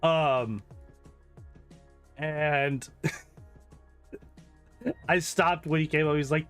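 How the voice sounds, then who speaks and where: A gaming streamer chats and rambles casually while playing, swearing freely and laughing a lot. His voice is fairly high, smooth, and fairly bright, and he speaks very slowly with frequent pauses over faint background music.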